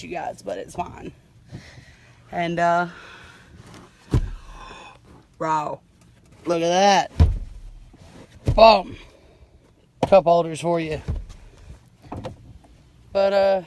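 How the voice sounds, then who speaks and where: A woman's voice: on the low side, noisy background. A young adult woman vlogging in a casual, profane, slangy way, filmed on a handheld phone outdoors by her car. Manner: laid-back, profane, slangy. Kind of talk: casual vlog chat.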